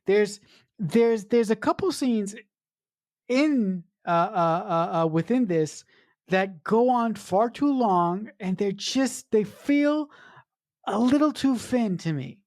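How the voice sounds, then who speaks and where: A woman's voice: medium pitch, animated, slow, darkish tone, no room sound, studio quality. Ranting, swearing woman film podcaster. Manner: frustrated rants, swears, stumbles with uh fillers. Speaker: podcast co-host. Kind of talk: casual film review chat.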